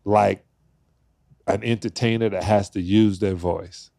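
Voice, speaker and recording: A man in his fifties, a podcast guest, telling animated stories and acting out the voices of the people in them. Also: fairly low pitch, a little slow, gravelly, dry recording, studio quality. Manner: acts out quoted voices, laughs while telling stories. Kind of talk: animated storytelling in conversation.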